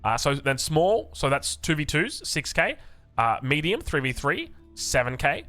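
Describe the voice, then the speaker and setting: A man's voice: fairly high pitch, very animated, unhurried, bright, forceful tone, soft background music. An Australian man giving casual, joking commentary on game patch notes, chatty with frequent restarts and asides. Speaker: gaming content creator.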